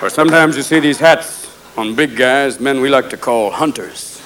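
A male stand-up comedian doing a fast, manic routine full of impressions. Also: medium pitch, noisy background. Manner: rapid impressions, swerving between silly voices. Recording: live club with loud crowd laughter. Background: audience laughing.

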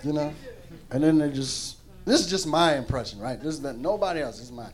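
A man doing stand-up comedy on stage before a live audience, telling a profane, animated story into a handheld mic. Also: fairly high pitch, a little fast.

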